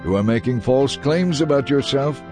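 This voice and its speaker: A man's voice: mid-range voice, animated, normal speed, music in the background, voice pushed up, lightly acted. A man voicing the sneering, mocking male Pharisees in a dramatized Bible reading.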